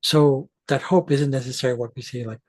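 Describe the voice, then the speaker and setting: A man's voice: medium pitch, fairly even intonation, brisk, dry recording. A man hosting an astrology channel, ranting to his viewers in an emphatic, profane way and often restarting mid-sentence. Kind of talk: ranting monologue to camera.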